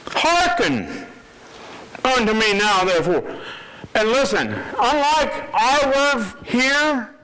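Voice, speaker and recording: Male preacher, high voice, slow, emphatic, repeats words, faint hiss behind. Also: very animated, pushed and bright, rough recording. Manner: emphatic, reads scripture aloud, repeats words. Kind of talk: sermon.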